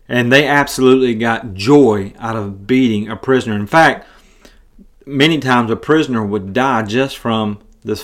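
A man giving a casual Bible study talk as a podcast teacher, earnest and conversational, often restarting his sentences. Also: medium pitch.

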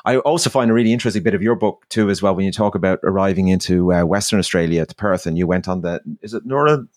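A man's voice: sits low, quick pace, no room sound, studio quality. A man with an Irish accent hosting an interview, asking eager questions. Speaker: host.

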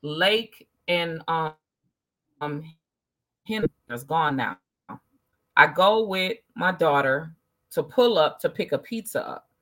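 A woman's voice: low voice, lively intonation, takes it slowly, pauses often, fairly bright tone. A woman in casual conversation, telling stories animatedly and acting out quoted exchanges.

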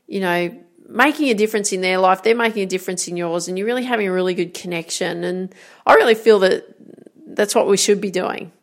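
A woman's voice: lowish voice, vocal fry. A woman giving an encouraging motivational talk as a coach, often checking in with "right?". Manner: encouraging, repeats "right?" and "guess what?". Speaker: golf and life coach.

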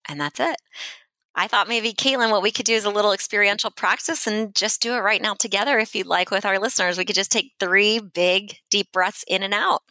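A woman's voice: medium pitch, fairly quick, sharp tone, no room sound, poor audio. A woman speech-language pathologist, a podcast guest, talks through simple exercises in a friendly, instructive way and often checks in with "right?". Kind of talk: conversational podcast guidance.

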